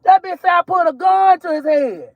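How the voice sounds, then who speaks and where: A woman's voice: very high voice, animated, moderate pace, no echo, dull audio. Blunt, heated woman ranting. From Georgia, US. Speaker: mother vlogger. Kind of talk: casual ranting vlog. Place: in a car while driving.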